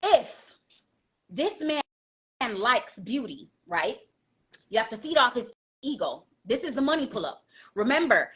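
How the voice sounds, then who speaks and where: A woman's voice: high-pitched, sharp tone. A woman giving blunt dating advice in a casual monologue, lecturing and asking rhetorical questions.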